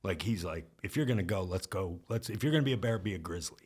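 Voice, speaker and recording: A middle-aged man with a low, deep voice tells stories in a relaxed podcast chat. He talks casually and slips into the voices of the people he is quoting. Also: fast, slightly rough. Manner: animated storyteller acting out quotes. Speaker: podcast guest. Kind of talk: casual storytelling.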